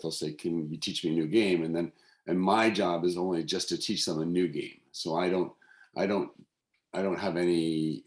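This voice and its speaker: A man with a very low voice, speaking as the interviewer in a casual, thoughtful way. He halts and restarts often as he works through his ideas. His voice carries a roomy echo. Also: a little mellow. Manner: halting, many restarts, thoughtful. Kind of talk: casual conversation.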